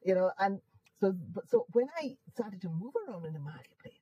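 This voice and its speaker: A Jamaican woman being interviewed, her husky, mellow voice leaping about in pitch as she talks with bubbling enthusiasm. She laughs readily and leans on her words for emphasis, recorded close in a dry space. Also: a little fast, no echo, rough recording. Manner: animated, laughs often, emphatic and upbeat. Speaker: interview guest. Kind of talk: casual conversational interview.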